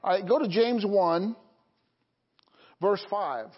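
Pastor, male, high voice, call-and-response sermon, dull lo-fi recording. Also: slow pace. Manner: call-and-response preaching, frequent "Okay?" and "Amen?".

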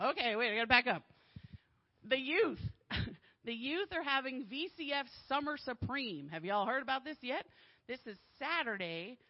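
A woman's voice: fairly high pitch, highs cut off. Bubbly woman giving church announcements. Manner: bubbly, enthusiastic, laughs often. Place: church sanctuary.

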